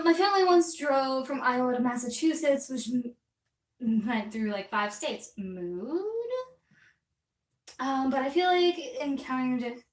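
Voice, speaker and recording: A woman in her twenties with a slightly high voice chats casually on a live stream while she paints, rambling and reading out viewer comments. The mic is distant, and she moves around as she works, so her voice drifts off-mic in a roomy echo.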